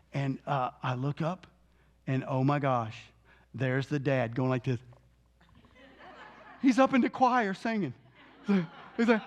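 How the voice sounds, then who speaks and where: A man who is a deliverance minister, telling a testimony as an animated storyteller, laughing often and repeating lines for emphasis before he preaches. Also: high voice.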